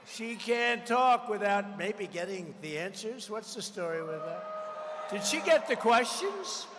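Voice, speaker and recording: A man giving a campaign rally speech, combative and repetitive, hammering slogans with bursts of shouting. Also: high-pitched, big pitch swings, unhurried, background noise. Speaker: political candidate at a rally. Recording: long reverb of a large rally venue.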